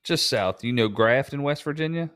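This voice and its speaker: A man's voice: mid-range voice, animated, moderate pace, fairly bright tone, clean tone, no echo. A man co-hosting a podcast in loose, profane, laughing banter. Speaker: podcast co-host. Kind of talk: casual podcast chat.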